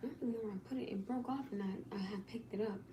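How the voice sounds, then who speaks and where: A woman's voice: mid-range voice, rapid-fire, noisy background. A woman casually chatting to viewers on a livestream, talking in an exasperated, chatty way to the people watching.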